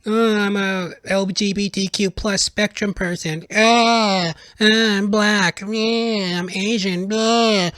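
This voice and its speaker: A whiny complainer reels off grievance after grievance in a mocking singsong, as a man puts him on. His voice sits high and thin above his normal register. The recording is close and dry. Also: fairly even intonation, takes it slowly, fairly bright tone, clear, resonant tone, dry recording. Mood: whiny mockery.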